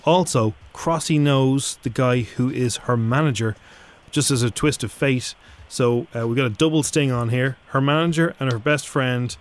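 A man's voice: mid-range voice, normal speed. An Irish man hosting breakfast radio, chatty and teasing as he directs a prank call. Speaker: radio show host.

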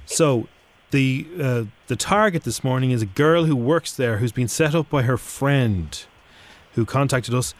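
A man's voice: medium pitch, a little slow. An Irish man hosting breakfast radio, chatty and teasing as he directs a prank call. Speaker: radio show host.

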